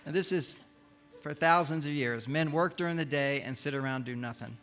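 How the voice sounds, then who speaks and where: An older man giving a humorous lecture to a live audience, an animated storyteller who acts out the lines he quotes. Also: a little high, normal speed, soft background music, a faint crowd. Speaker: speaker giving a talk.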